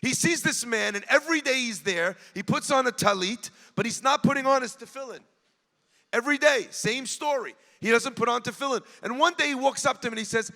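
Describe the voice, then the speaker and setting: An earnest man preaches a heartfelt sermon, speaking straight to the crowd and sinking to near whispers. His voice sits high and gravelly, with a bright, forceful edge. A long hall reverb trails his words. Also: expressive, moderate pace. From United States (New Jersey). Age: 40s. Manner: earnest, addresses the crowd directly, swells and drops to a hush. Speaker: rabbi giving a speech. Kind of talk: emotional sermon storytelling. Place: large event hall.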